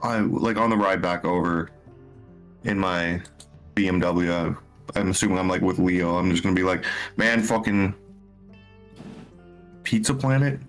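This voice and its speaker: A man's voice: deep voice, level tone, normal speed, soft background music. A man playing a tabletop game, swearing and making exaggerated outbursts in character. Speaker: player. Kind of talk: in-character tabletop role-play.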